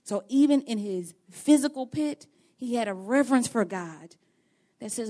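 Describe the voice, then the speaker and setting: A woman giving a devotional Bible teaching to other women, talking in an earnest, conversational and emotionally expressive way. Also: on the high side, normal speed.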